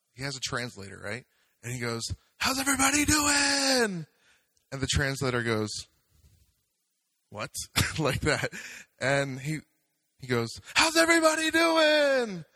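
A man's voice: mid-range voice, fairly bright tone, dry recording, poor audio. A man preaching a sermon as pastor, talking conversationally and building to fervent exhortation.

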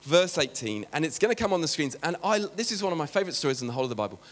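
A man's voice: on the high side, sing-song, rapid-fire, fairly bright tone. A man preaching a sermon in a chatty, joking way, often breaking off to talk to the congregation. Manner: chatty, joking, self-interrupting.

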